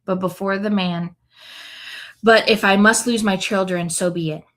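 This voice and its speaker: A woman's voice: mid-range voice, steady tone, normal speed, fairly bright tone, lightly acted. Woman reading as a grieving old father. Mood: resigned. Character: grieving old man, father fearing loss.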